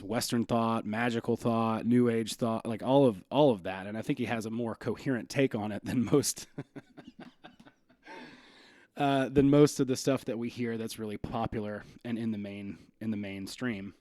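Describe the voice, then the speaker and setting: A man hosting a podcast, talking in an excited, chatty way with lots of fillers and quick laughs. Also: on the low side, no room sound. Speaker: podcast host. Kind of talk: casual podcast chat.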